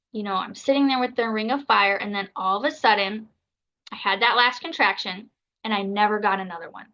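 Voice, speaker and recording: A woman in her thirties tells a story as a podcast guest, chatting freely with lots of fillers and acting out other people's lines. Her voice is bright and forward. The audio is a little dull and muffled. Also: medium pitch. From United States. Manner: chatty, filler-heavy, acts out others' words. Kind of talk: casual storytelling.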